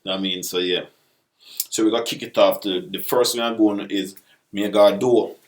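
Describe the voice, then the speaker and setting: A deep-voiced man with a Jamaican accent walks through basic patois phrases in a laid-back video lesson. He repeats each example in dialect before giving the plain English version. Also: steady tone, normal speed. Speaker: vlogger teaching patois.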